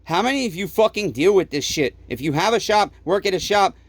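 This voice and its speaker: A high-voiced man rants in his repair workshop, worn out and fed up. He swears at nearly every turn as he airs his frustrations. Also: animated, fairly quick, no echo. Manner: swears constantly, frustrated ranting. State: tired, fed up. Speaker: small-engine repair shop owner. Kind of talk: angry workshop rant to camera.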